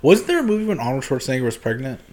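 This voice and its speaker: A man's voice: mid-range voice, big pitch swings, very fast, a little mellow, a little hiss or hum. A man hosting a podcast in casual chat, rambling and loose with lots of ums and restarts. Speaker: podcast host. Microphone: podcast microphone.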